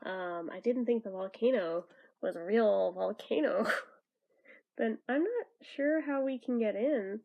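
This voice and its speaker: A woman's voice: fairly high pitch, measured pace, gravelly, narrow, tinny audio. A woman hosting a casual comic read-along, chatty and giggly with wry asides. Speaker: video host reading a comic aloud.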